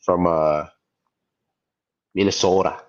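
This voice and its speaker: In dull audio, a low-pitched man in his thirties speaks slowly as he co-hosts a podcast. He tells a story in casual chat with animated energy, doing voices for the people he quotes.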